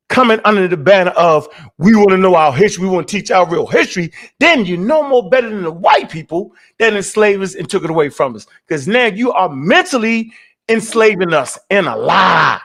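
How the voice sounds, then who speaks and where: Forceful high-voiced man lecturing a debate. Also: creaky. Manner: forceful, preachy, keeps asking "right?". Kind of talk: heated live stream debate.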